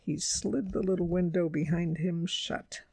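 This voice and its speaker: Woman storyteller, gravelly, dry close sound, measured read-aloud. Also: on the low side, fairly even intonation, a little mellow, no room sound.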